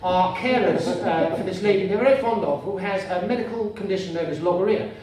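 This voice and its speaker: A man doing stand-up as a bumbling, pompous character who turns quickly indignant, recorded on stage at a comedy club. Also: sits high, darkish tone. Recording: very echoey room from far off, noisy.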